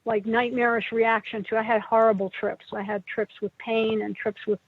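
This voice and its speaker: A middle-aged woman recalling personal memories as an interview guest, halting and emotional, sometimes tearful. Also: fairly high pitch, little pitch movement, husky, no echo. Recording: tinny phone-like line.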